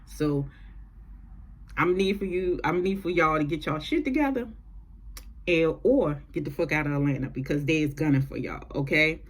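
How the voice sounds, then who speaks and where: A woman's voice: sits low, moderate pace. A woman giving a casual, chatty TV episode recap, with profane, sassy asides. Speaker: TV recap vlogger.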